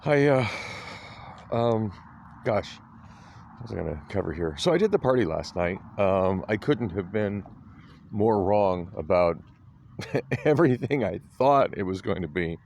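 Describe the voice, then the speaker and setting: A man's voice: fairly low pitch, lively intonation, measured pace, creaky, pauses often, darkish tone, slight background noise. A tired, groggy middle-aged man rambling through a casual vlog, hesitant and full of ums and restarts. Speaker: vlogger.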